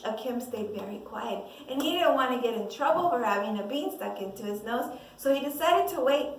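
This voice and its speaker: A woman telling a children's mission story with lively, expressive delivery, asking the listeners questions. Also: on the high side, fairly quick, few pauses. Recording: echoey room, mic far off.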